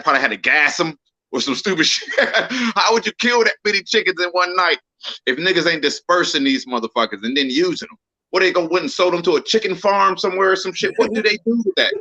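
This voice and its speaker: A man telling stories in a casual chat, loud and laughing, often mimicking other people. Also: fairly high pitch, dull audio. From Texas. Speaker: co-host.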